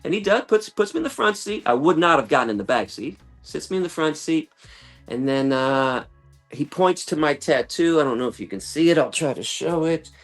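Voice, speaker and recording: A man telling a long story in conversation, animated and acting out other people's lines, with casual swearing. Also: a little high, brisk, soft background music. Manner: animated, acts out quoted voices, swears casually. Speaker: guest, animal rights activist.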